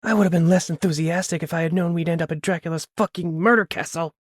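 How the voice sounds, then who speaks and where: A man's voice: on the high side, steady tone, fast, no room sound, clean studio sound, pitched above the performer's own voice, natural voice. A man voicing a panicky, sarcastic young man who swears and whispers in alarm. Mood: panicked whisper.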